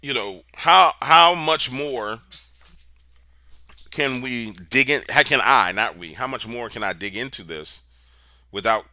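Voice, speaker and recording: A man's voice: medium pitch, animated, unhurried, long pauses, sharp tone, no room sound, studio quality. A man being interviewed, telling a story in a casual, slangy, emphatic way. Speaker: interview guest, paranormal researcher.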